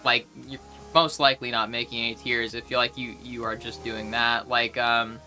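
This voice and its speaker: Young woman streamer, casual live chat, rambling with constant fillers; bright, crisp tone, faint music under her. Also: extremely low pitch, little pitch movement, moderate pace.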